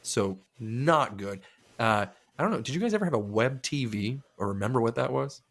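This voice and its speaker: A man's voice: medium pitch, lively intonation, normal speed, gravelly. A man in his thirties co-hosting a podcast, chatting casually in a rambling, profane way. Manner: rambling, swears freely. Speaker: podcast co-host. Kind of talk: casual chat.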